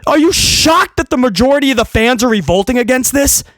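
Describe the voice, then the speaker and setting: A man rants heatedly about wrestling, sarcastic and often shouting. His voice is very high and bright, and it leaps all over the place. The sound is close and dry. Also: expressive, fairly quick, dry recording. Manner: ranting, sarcastic, shouting at times. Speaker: wrestling commentator. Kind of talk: heated opinion rant.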